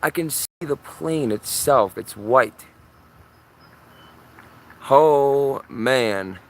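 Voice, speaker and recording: A man streaming live outdoors from his yard on a phone camera. He comments on the sky in an urgent, excitable way and keeps repeating himself. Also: medium pitch, extremely slow. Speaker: livestreamer.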